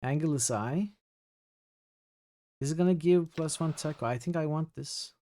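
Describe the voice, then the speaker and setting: A man's voice: a little high, normal speed, dark tone. Man streaming a game, reading it aloud. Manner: reads game text aloud, chats to viewers.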